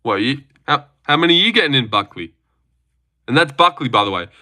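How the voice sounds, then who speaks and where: A young man hosting a casual livestream from a home setup, talking at a desk mic. His voice is bright and forceful at a middling pitch. He rambles loosely, swears, and trips over his words as he answers chat. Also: lively intonation, fairly quick. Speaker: livestream host reacting to fights.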